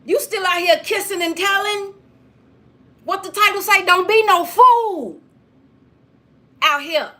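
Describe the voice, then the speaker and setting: A woman's voice: very high-pitched, slow pace, long pauses, fairly bright tone. A woman giving a preachy straight-talk monologue, lecturing listeners with emphatic repetition.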